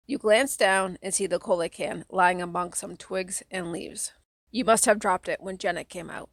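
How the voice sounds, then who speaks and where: A woman narrating a children's audiobook in a steady, plain storytelling manner. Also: lowish voice, normal speed, no echo, studio quality. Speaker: audiobook reader.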